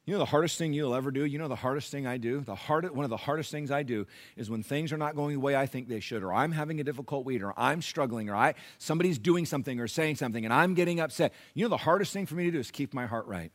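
A man preaching a sermon as pastor, telling stories and quoting scripture, swinging between low, quiet asides and loud emphatic peaks. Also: quick pace, hardly any pauses.

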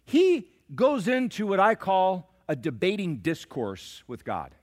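A man preaching a sermon as pastor, swinging between shouted climaxes and hushed, slow asides. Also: sits high, huge pitch swings. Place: church sanctuary.

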